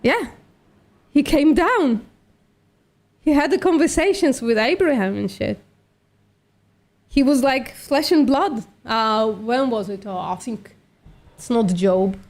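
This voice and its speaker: A woman's voice: fairly high pitch, animated, slow pace, long pauses, a little mellow. A woman hosting a live stream, debating bluntly and swearing, calling people sweetie. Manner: blunt, argumentative, swears, calls others sweetie. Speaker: streamer, vegan activist.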